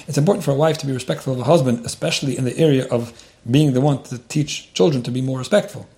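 Male advice-giver, rapid and earnest, mellow tone, keeps doubling back on words. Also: mid-range voice. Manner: earnest, repeats words, Yiddish-laced phrasing. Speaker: advice-giving rabbi answering a letter. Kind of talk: advice talk.

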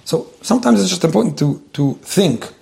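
A man's voice: sits high, expressive, fairly quick, gravelly, warm tone. A man giving earnest, conversational marriage advice to a couple.

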